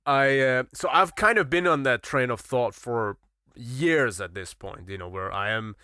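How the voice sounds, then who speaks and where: A man's voice: mid-range voice, a little slow, bright, forceful tone, smooth, no room sound, clean studio sound. A man on a podcast chatting casually, swearing freely and laughing often as he tells a story.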